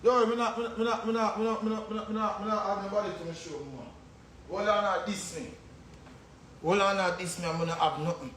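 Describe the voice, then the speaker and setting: A man's voice: high voice, fairly even intonation, a little fast, a bit bright, echoey room, a little hiss or hum. A man with a Jamaican accent ranting angrily on a livestream, cursing and repeating himself. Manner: angry, insulting, cursing, repetitive.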